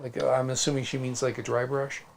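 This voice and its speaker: A man's voice: medium pitch, little pitch movement, quick pace, creaky, noisy background. A man with a Midwestern accent co-hosting a casual crafting livestream, chatting and reading out viewer comments. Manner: chatty, storytelling, reads out comments.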